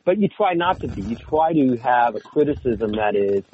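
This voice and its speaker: Male voice actor guest, animated casual chatter, slightly dull recording with faint noise. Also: mid-range voice, normal speed. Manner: animated, laughs often, many restarts. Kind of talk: casual podcast chat.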